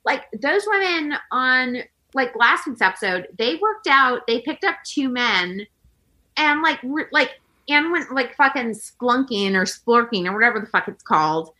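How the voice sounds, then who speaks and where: A woman's voice: high-pitched, expressive, measured pace, bright, forceful tone. A woman in her thirties hosting a podcast, telling a story in casual chat with lots of "like" and acted-out quotes. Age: 30s. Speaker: podcast host.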